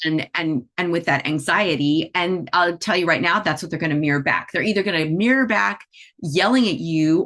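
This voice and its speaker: Low-pitched middle-aged woman, casual teacher who talks things through with the listener. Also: fairly bright tone. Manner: chatty, with frequent "you know" and "right?" asides. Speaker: animal Reiki teacher. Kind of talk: conversational teaching talk.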